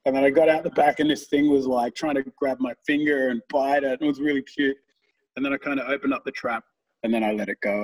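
A man tells loose, rambling stories, swearing freely and laughing along as he goes. His voice is husky and sits a little back from the microphone, with a mid-range pitch. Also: steady tone, fast talker, darkish tone, distant mic, low-quality recording. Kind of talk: casual storytelling chat.

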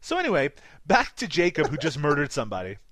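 A man's voice: on the high side, huge pitch swings, quick pace, fairly bright tone, dry recording. A man with a light Newfoundland accent recapping a movie in casual podcast chat, laughing often and swearing casually. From Newfoundland, Canada. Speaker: podcast co-host.

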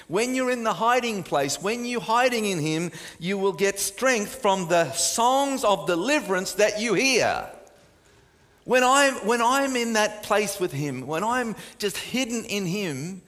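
A man delivers a sermon in a somewhat high voice that carries a long reverb tail through a large hall. He swings between emphatic, raised preaching and soft, hushed lines close to a whisper. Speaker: pastor.

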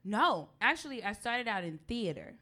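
Young woman guest, brash and profane, bright forceful tone, live talk show stage. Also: mid-range voice, sing-song, moderate pace. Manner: loud, brash, profane, laughing. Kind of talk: casual comedic chat, profane.

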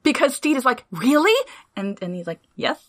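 Animated woman chatting about a show. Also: fairly high pitch. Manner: animated, swearing, quick asides. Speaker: podcast co-host. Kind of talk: casual chat recapping a TV show.

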